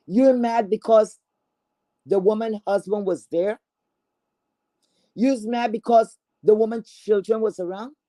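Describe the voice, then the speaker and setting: With a medium-pitched, dark-toned voice, the streamer launches into a hostile, cursing callout rant. Contempt drives her words, and she trips into stammered restarts and frequent repetition.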